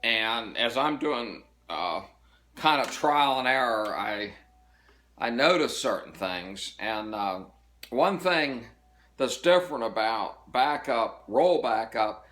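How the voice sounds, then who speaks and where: Slow-talking man teaching banjo. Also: mid-range voice, lively intonation, fairly bright tone. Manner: slow, halting explanation, counting out roll patterns. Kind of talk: casual instructional talk. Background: banjo playing.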